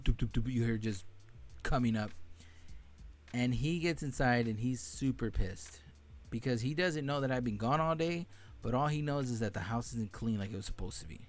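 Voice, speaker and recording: Young male podcast host, casual profane storytelling, faint music bed. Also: mid-range voice. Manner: candid and profane, laughing at painful memories.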